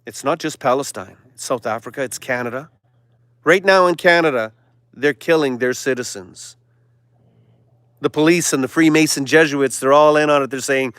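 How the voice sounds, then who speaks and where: A man hosting a livestream, giving a preachy monologue that swings from loud declarations to hushed whispers. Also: mid-range voice, moderate pace, smooth, dry recording. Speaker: livestream host.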